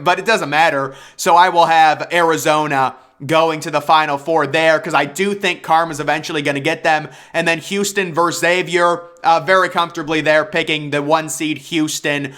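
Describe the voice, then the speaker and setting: In a casual sports prediction vlog, a young man with a fairly high, sharp voice talks at normal speed, steady and with few pauses. He goes over his basketball bracket picks in a playful, hyped way, jokingly calling himself a bracket expert.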